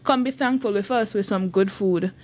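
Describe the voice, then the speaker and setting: A woman's voice: mid-range voice, moderate pace, darkish tone. A woman, a youth group leader chatting on a radio show in an upbeat, laughing way. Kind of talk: casual radio chat promoting an event. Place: radio studio.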